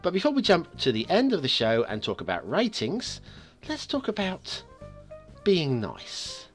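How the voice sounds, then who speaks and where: A man's voice: fairly high pitch, huge pitch swings, measured pace, faint music behind. A man hosting a game map review show, talking in a chatty, upbeat way with playful asides.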